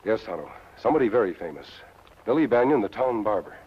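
An actor playing a calm masked lawman hero who gives brisk, commanding orders, from a muffled old TV soundtrack. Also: on the low side, slightly rough. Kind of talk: 1950s TV western acting.

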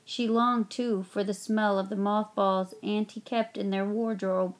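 A woman narrating a children's storybook aloud, giving the characters gentle voices. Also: medium pitch, little pitch movement, measured pace. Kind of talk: storybook reading.

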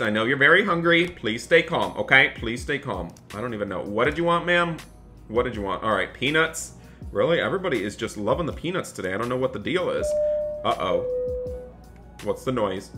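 A young man commentating a role-play game as a flight attendant, talking excitably straight to his viewers. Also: mid-range voice. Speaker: gaming YouTuber.

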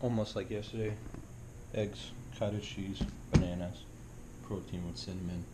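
A man's voice: fairly even intonation, normal speed, heavy background noise. A man vlogging casually, thinking aloud and chatting about his day and his dogs. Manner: talks softly to his pets in a higher baby voice. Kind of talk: casual vlog.

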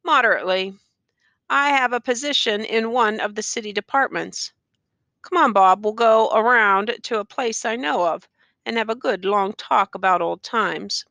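A woman voicing a tall, calm and firm plainclothes policeman who speaks matter-of-factly. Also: a little high, normal speed, no echo. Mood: friendly.

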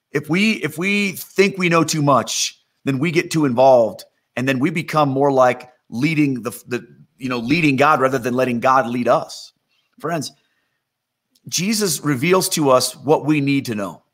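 A middle-aged man preaching a sermon in a conversational, animated storytelling manner, acting out quotes. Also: mid-range voice.

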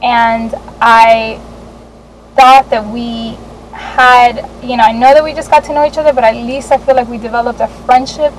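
High-voiced woman telling a candid story. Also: slight background noise, rough recording. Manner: animated, candid, swears and laughs while telling a story. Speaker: vlogger.

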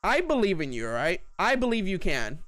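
A man's voice: sits high, brisk, no echo. A man streaming a horror game, talking to his chat and shrieking whenever something scares him. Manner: excitable, shrieks when scared. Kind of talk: live gameplay commentary.

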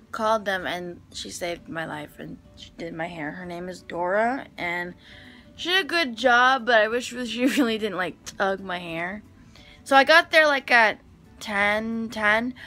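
A woman's voice: mid-range voice, sharp tone. A woman vlogger casually recapping her day to camera in a rambling, filler-heavy way.

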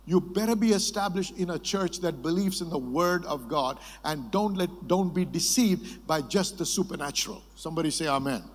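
A man preaching a sermon with a slightly raised pitch, telling stories and calling on the crowd to answer. His voice rings with the long reverb of a large conference hall. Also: a little hiss or hum. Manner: lively storytelling, prompting the congregation to answer.

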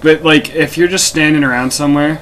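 A man's voice: fairly high pitch, fairly even intonation, brisk, a bit bright. A young man hosting a casual gameplay commentary, rambling and joking with many restarts. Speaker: let's play host. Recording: noisy home recording.

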